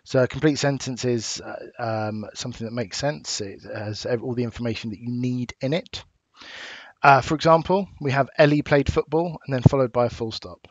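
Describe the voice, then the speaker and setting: A man with an English accent, a teacher giving a recorded lesson, explaining patiently and clearly with small fillers. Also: mid-range voice, normal speed, dry recording. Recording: dull dry home recording.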